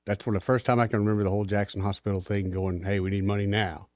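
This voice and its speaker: A man co-hosting talk radio who speaks his mind bluntly and casually. His voice is mid-pitched and dry. The sound is close on a studio mic with no room echo. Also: flat delivery, fast talker, a little mellow. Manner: blunt, opinionated, laughs easily. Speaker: radio co-host. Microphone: studio microphone.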